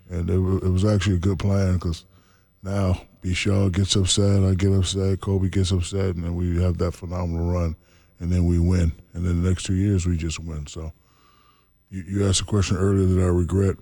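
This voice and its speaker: A man in his forties, a former basketball center, telling stories in a relaxed interview and laughing often. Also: low voice, normal speed. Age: 40s. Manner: laid-back, laughs often, acts out quotes. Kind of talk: casual storytelling interview.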